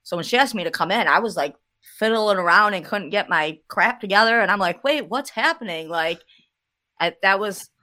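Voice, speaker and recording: A woman guest recounting a paranormal investigation in a casual interview, animated and laughing as she tells it. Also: medium pitch, moderate pace.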